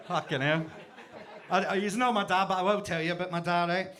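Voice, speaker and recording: Bright high-voiced Scottish comic. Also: male voice. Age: 40s. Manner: punchy, self-mocking storytelling. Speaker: stand-up comedian. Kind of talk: stand-up set. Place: basement comedy club stage.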